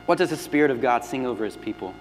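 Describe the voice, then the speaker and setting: A man preaching a sermon as pastor, swinging between loud emphatic lines and hushed, near-whispered ones. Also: mid-range voice, animated, rapid-fire, slight background noise. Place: church sanctuary. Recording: long hall reverb with faint music.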